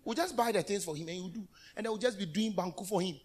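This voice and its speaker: A man preaching a lively call-and-response sermon in a church. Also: sits high, fast talker, husky. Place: church hall.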